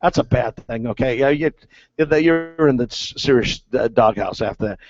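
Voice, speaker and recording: Speaking at a moderate pace with lively intonation, a man with a mid-range voice, once a ballplayer, rambles through casual stories. His talk is heavy with fillers, especially "uh" and repeated "okay"s, and the audio is dull and lo-fi.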